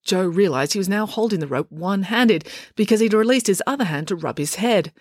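A woman reading a children's adventure story aloud, lively and expressive. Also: medium pitch, a little fast, no room sound, studio quality. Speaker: audiobook reader. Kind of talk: scripted storybook narration.

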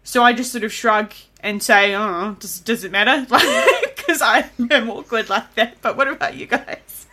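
Hosting a casual podcast chat, a woman with a New Zealand accent is chatty and self-deprecating, laughing often. Her voice is a little high and sharp, with huge pitch swings, and she talks a little slowly with few pauses.

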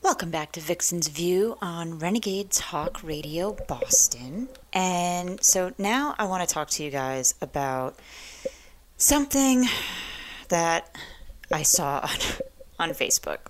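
A woman's voice: fairly low pitch, animated, takes it slowly, slight background noise. A young adult woman hosting a talk radio show, ranting in a blunt, profane, provocative way.

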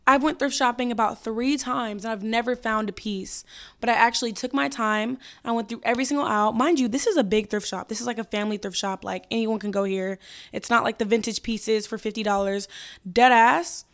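A young woman with a slightly high voice and a hoarse, fading throat hosts her podcast alone. She talks in a chatty, candid way, full of slang. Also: fairly even intonation, fairly quick, a bit bright. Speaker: podcast host. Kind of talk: casual solo podcast chat.

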